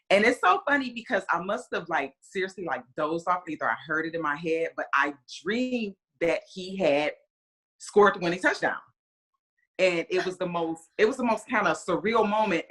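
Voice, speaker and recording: A woman in her forties, a player's mother, telling a story in a casual interview, rambling with lots of "you know" and acting out the conversations she recounts. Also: sits low. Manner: animated, re-enacts conversations in quoted voices.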